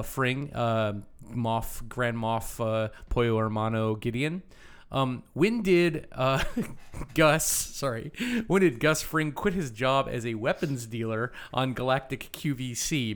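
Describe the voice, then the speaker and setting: A man's voice: medium pitch, unhurried, smooth. A man co-hosting a casual podcast, talking in a playful, nerdy way and posing quiz-style questions. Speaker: podcast co-host.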